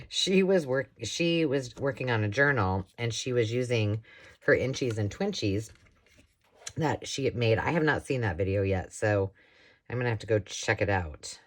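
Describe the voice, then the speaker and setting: A woman's voice: extremely low pitch, lively intonation, a little slow. A woman talks casually while she crafts, rambling from one thought to the next. She laughs often and keeps a loose, conversational flow. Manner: chatty, rambling, with frequent laughs. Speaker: craft vlogger.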